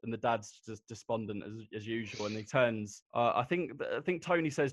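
A man's voice: fairly low pitch, normal speed, no room sound. A man hosting a casual podcast chat, retelling scenes and leading the talk. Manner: leads the talk, retells scenes with quoted lines.

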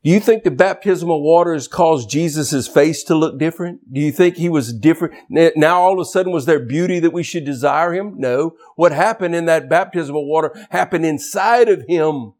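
A man preaching a sermon as pastor, swinging from loud shouted emphasis to quiet, low asides. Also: normal speed, few pauses.

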